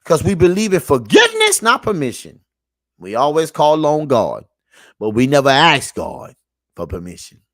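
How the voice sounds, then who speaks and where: A man lectures his audience like a street preacher, and his voice leaps all over its pitch range. Low, muttered asides give way without warning to loud, emphatic shouting. He circles back to repeat his points and keeps calling on listeners to pay attention. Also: wildly swooping pitch, moderate pace, dry recording, studio quality. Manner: sermon-like, repeats himself, calls out to the audience. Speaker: online show host reacting to clips. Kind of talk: preachy reaction commentary.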